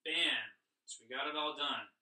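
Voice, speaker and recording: Upbeat music teacher chanting rhythms. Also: male voice, on the high side, measured pace, bright, forceful tone. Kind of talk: online music lesson for children. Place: home room. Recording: echoey room, voice a bit far from mic.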